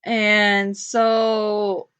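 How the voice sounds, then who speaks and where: A woman's voice: mid-range voice, monotone, extremely slow, fairly bright tone, clean tone. A woman co-hosting a radio show, chatting casually and swearing freely as she tells a story, laughing often. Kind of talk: casual chat. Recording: dull lo-fi podcast audio.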